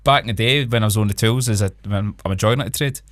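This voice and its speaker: A man's voice: fairly low pitch, fast, fairly bright tone, dry recording, clean studio sound. Chatty Scottish man telling stories. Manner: chatty storyteller, laughs often. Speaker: podcast co-host. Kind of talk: casual chat.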